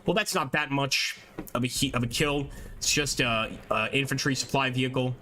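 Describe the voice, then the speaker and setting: A man giving chatty, excited live commentary on a strategy war game, reading chat aloud and laughing often. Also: medium pitch, normal speed, a little hiss or hum. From American. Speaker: gameplay streamer.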